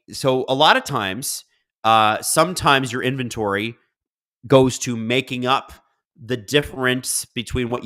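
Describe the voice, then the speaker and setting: A man's voice: mid-range voice, bright, forceful tone. A man hosting a casual live stream, reading viewer comments aloud and riffing on them in a chatty way. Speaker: livestream host.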